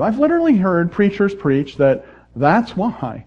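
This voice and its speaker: A man's voice: sits high, wildly swooping pitch, measured pace, hardly any pauses, slightly rough, dull audio. A man preaching a sermon, speaking earnestly and putting rhetorical questions to his congregation. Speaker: pastor.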